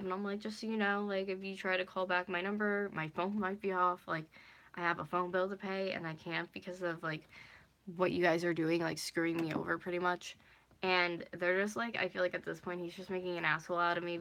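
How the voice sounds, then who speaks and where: A woman in her twenties tells a casual storytime vlog in a fairly low, bright, pushed voice with vocal fry. She rambles, says "like" constantly, and swears now and then.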